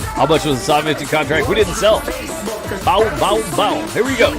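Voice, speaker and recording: Over loud music, a man with a slightly high voice streams a game, speaking quickly and animatedly. His casual chat with viewers rambles, jokes and pokes fun at himself.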